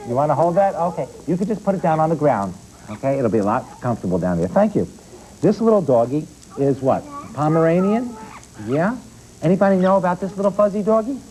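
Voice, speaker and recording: A man's voice: fairly high pitch, big pitch swings, a little fast, dark tone, slight background noise, poor audio. A man appearing as a pet expert on a children's TV show, explaining animals and quizzing the children in the studio. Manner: explanatory, addresses children directly with questions.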